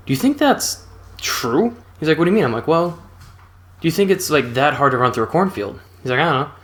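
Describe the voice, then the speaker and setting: A man's voice: a little high, lively intonation, quick pace, fairly bright tone. Laid-back young man telling a story. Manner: laid-back, chuckling, rambling retelling. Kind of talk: casual storytelling.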